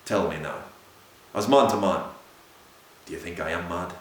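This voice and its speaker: Brief: man voicing a haunted Victorian sea captain, unstable, lurching from wild shouts to low murmurs, heavy room echo. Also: normal speed, close to an everyday voice. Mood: hushed, desperate. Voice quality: swings from shouting to hushed murmurs. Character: feverish haunted male ship captain, unstable. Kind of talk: audiobook reading of a Victorian ghost story. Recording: very echoey room.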